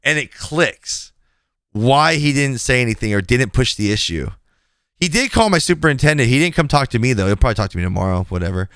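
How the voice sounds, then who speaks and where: Smooth-voiced man telling a work story. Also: medium pitch, a little fast, dry recording, clean studio sound. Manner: animated storyteller, acts out quoted dialogue; blunt, casual swearing. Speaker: podcast host. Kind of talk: casual podcast chat.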